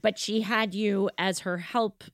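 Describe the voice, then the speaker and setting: A woman's voice: medium pitch, steady tone, a little slow, no echo. An American woman with an American accent, hosting a podcast interview in a chatty, teasing, emphatic way. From United States. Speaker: podcast host. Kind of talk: casual interview chat.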